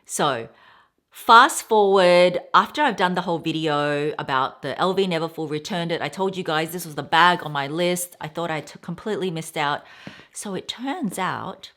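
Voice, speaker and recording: A woman in her thirties talks casually to her viewers, rambling from one thought to the next. Her voice sits slightly low, and she tells stories with plenty of asides. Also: moderate pace, fairly bright tone. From Australia. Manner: chatty, rambling, storytelling with quoted voices. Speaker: vlogger. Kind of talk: casual haul chat.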